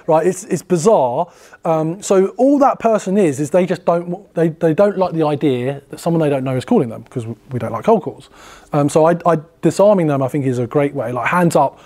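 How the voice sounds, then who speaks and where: A man's voice: a little high, expressive, a little fast, mellow. A man running a sales workshop, chatty and full of fillers and restarts as he explains. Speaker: sales trainer. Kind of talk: casual workshop teaching.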